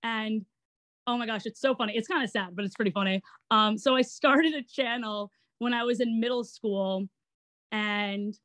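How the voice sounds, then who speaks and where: Interview guest: young woman, Long Island accent, bright pitch, dry close sound, chatty and giggly. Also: normal speed, dry recording. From Long Island, New York. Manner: chatty and giggly, animated retelling. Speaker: guest, actor and online entertainer. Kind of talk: casual interview chat.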